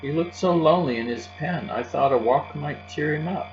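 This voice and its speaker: A man reading aloud, voicing a shy, quiet young girl in a soft, hesitant way. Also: on the high side, normal speed, dull audio, slight background noise, pitched above the performer's own voice, natural voice. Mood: earnest.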